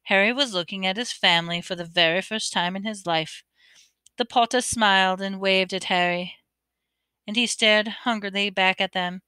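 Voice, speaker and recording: Woman reading aloud, bright and crisp, expressive, stumbles now and then. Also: mid-range voice, dry recording. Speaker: audiobook reader. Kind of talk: amateur audiobook narration.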